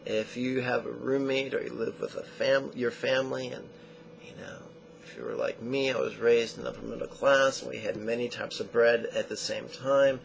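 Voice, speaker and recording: A man with a gravelly voice gives a meditation lesson at a calm, measured pace, coming back again and again to short repeated phrases. Faint noise hangs behind him. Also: medium pitch, low-quality recording. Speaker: meditation teacher.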